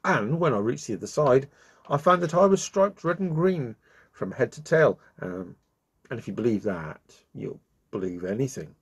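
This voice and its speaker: A man's voice: medium pitch, expressive, normal speed, husky. A man voicing a hissing male snake in a children's story who tells a mocking tall tale. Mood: sly.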